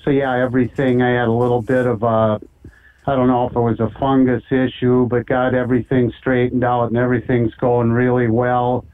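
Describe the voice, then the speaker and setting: A man's voice: mid-range voice, little pitch movement, a little fast. A man with a Minnesotan accent calling in to a show, friendly and rambling with lots of fillers. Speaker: caller. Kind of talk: casual call-in chat. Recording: tinny phone line.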